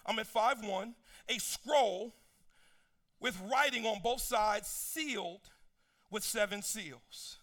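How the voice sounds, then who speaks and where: A man preaching a sermon, reading scripture with casual asides, swinging between soft low passages and sung, shouted peaks. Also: a little slow.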